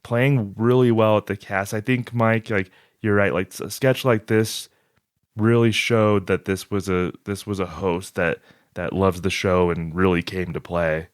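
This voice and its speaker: A man's voice: on the low side, fairly even intonation, unhurried, no echo, studio quality. A man hosting a podcast who chats casually and agreeably, often restarting his sentences. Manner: chatty, agreeable, with many restarts.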